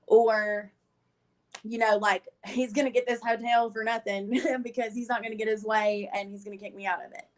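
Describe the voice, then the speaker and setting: A woman, a podcast guest telling her own story in casual chat, animated and often laughing as she acts out what people said. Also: fairly high pitch, moderate pace.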